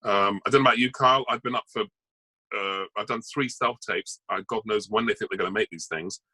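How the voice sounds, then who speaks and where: Man, actor guest on a talk show, lowish voice, bright and forceful, chatty and rambling, dry close sound. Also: fairly quick, no room sound, poor audio. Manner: chatty, rambling, full of asides. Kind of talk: casual interview chat.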